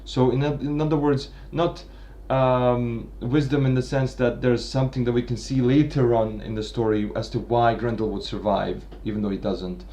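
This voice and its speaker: A man thinking aloud through a literary analysis at a medium pitch. He keeps restarting his phrases and checks in with a steady "right?" after each point. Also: normal speed, hardly any pauses, a little hiss or hum. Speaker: literature commentator. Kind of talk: unscripted analytical lecture.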